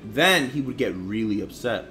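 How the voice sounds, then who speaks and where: A man's voice: medium pitch, animated, moderate pace, pushed and bright, faint music behind. A young man who grew up in Harlem, telling personal stories in a blunt, profane, slangy vlog manner. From Harlem, New York. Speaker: vlogger. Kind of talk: casual storytelling vlog.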